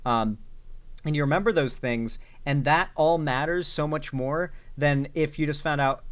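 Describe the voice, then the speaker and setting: A man with a slightly high voice hosts a reaction commentary show at normal speed. He's sarcastic and rambling, talking casually with lots of filler words and restarts.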